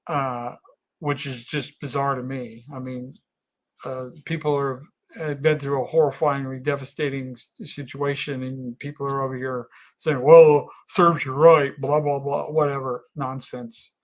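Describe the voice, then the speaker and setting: A man hosting a casual livestream, reading viewer comments aloud and talking in an earnest, halting way with frequent restarts. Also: mid-range voice, little pitch movement. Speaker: livestream host.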